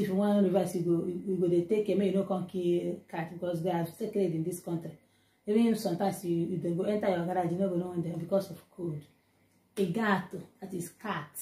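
A woman with a Nigerian Pidgin accent teaching vocabulary informally, repeating each word slowly and then chatting in Pidgin asides. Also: mid-range voice, dark tone, reverberant. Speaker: language teacher.

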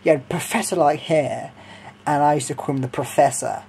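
A man's voice: on the high side, brisk, vocal fry, a little mellow, a little hiss or hum. A young man from Sussex, telling stories in a rambling, hesitant way with lots of ums and giggles. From Sussex, England. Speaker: vlogger. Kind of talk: casual storytelling.

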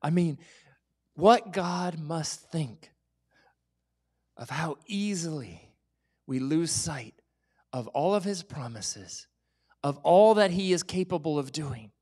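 A man's voice: on the high side, slow, long pauses, husky. A man preaching to his congregation. He talks in an easy, conversational way with a touch of humor. At his most earnest moments he sinks to a near-whisper. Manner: drops to a soft whisper for emphasis; lively, conversational, sometimes joking. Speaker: pastor. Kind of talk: sermon.

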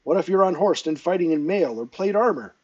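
A man's voice: sits high, lively intonation, brisk, darkish tone, muffled recording, pitched above the performer's own voice. A man playing a jovial, barking martial-arts teacher. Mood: teasing. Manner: jovial drill-sergeant barking. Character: cheerful, teasing male martial-arts teacher.

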